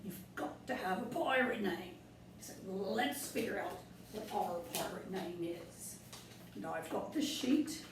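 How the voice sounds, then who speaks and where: A woman's voice: mid-range voice, lively intonation, a little slow. Woman in hammy pirate talk, echoey room. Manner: hammy pirate talk, corny jokes, step-by-step instructions. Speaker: children's librarian hosting a craft program. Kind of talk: children's craft lesson in a playful pirate persona. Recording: echoey room from a distant mic with faint noise.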